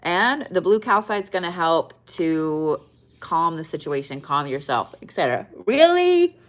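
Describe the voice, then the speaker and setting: Her low-pitched, fairly bright voice keeps a moderate pace as she gives a relaxed weekly zodiac card reading. The woman is tired and yawns, but she's blunt, swears often and leans on repetition for emphasis.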